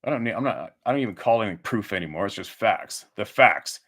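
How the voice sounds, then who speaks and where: The host of his own channel has a lowish, somewhat bright voice and talks animatedly at a quick pace. His monologue is angry and profane, a heated, repetitive rant full of restarts and rhetorical questions.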